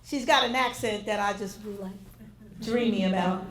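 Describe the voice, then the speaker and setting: A woman hosting a community celebration, warmly introducing the next speaker with effusive praise. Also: medium pitch, moderate pace. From United States. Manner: effusive, exclaiming. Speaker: event host. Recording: echoey hall.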